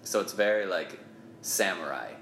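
A man's voice: sits low, expressive, normal speed, fairly bright tone, roomy sound, slight background noise. A man in his thirties, a comedian from Ohio, talking bluntly and jokingly as a podcast guest. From Ohio, USA. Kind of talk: casual podcast conversation.

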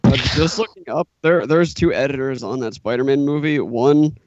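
A man's voice: medium pitch, normal speed, a little mellow, dry recording, muffled recording. A man co-hosting a casual movie podcast, chatty and trailing off with fillers. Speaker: podcast co-host.

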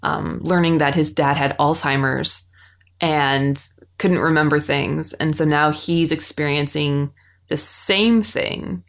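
A woman co-hosting a podcast, recapping a TV episode in an animated, exclaiming way. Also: sits low, takes it slowly. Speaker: podcast co-host. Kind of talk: casual chat recapping a TV episode.

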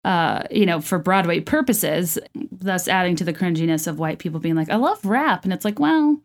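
Talking about a musical from her home, this woman keeps a quick pace and a fairly even intonation in a lowish voice. She's a chatty, enthusiastic video creator whose casual commentary is packed with fillers and false starts.

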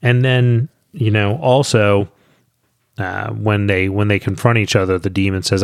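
A man's voice: on the low side, steady tone, a little slow, creaky, smooth, no echo. Joking man, dry close sound. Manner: jokey, swears, acts out silly voices while retelling. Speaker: podcast co-host. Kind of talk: casual book discussion.

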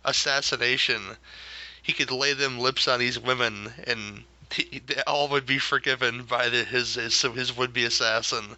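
A man with a sharp, very bright voice rambles through a casual movie review, laughing and stumbling over repeated words. The sound is dull and lo-fi. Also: medium pitch, fairly even intonation, moderate pace. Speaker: podcast co-host.

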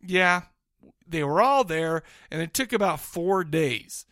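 A man's voice: fairly high pitch, animated, slow, pushed and bright, no room sound, clean studio sound. A man co-hosting a podcast in casual banter, rambling bashfully with many restarts. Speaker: podcast co-host.

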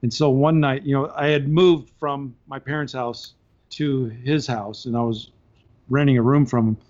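A man telling a story on a podcast in a casual, animated way, laughing between points, heard on slightly dull audio. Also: mid-range voice, moderate pace. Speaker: podcast guest.

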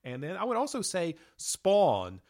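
A man's voice: high-pitched, huge pitch swings, a little slow, a little mellow. A man co-hosting a casual podcast, talking enthusiastically and rambling with fillers. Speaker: podcast co-host. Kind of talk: casual chat.

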